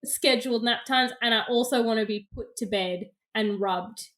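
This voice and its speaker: Woman, podcast co-host, casual gossip chat, slightly high voice. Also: moderate pace, a bit bright. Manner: chatty storyteller, laughs often.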